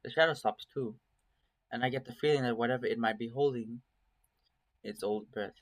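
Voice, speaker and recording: A man reading a visual novel aloud in first-person narration, steady and measured. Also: mid-range voice, no room sound. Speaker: story reader.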